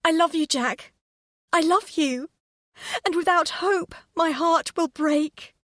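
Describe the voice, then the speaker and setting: A woman voicing a heartbroken young woman who speaks high and tearfully to the man she loves. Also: expressive, very slow, no echo, studio quality, full character voice. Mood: sobbing.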